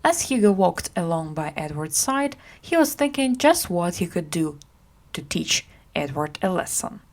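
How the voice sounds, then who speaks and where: A woman reading a simplified classic story aloud for English learners, acting out the characters as she goes. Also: a little slow. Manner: acts out characters with lively pitch.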